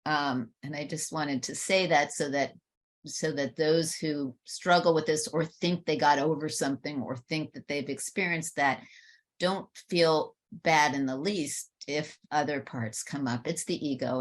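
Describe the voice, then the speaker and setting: An older woman on a podcast, earnestly telling a personal story and getting animated when she quotes people. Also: low-pitched, unhurried. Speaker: podcast co-host.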